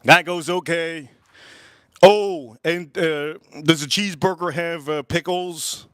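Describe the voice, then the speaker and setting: A man's voice: fairly high pitch, slow, fairly bright tone, smooth, no echo, studio quality. A man hosting a livestream, casually telling a rambling, laughing story, repeating himself and swearing now and then. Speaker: livestream host.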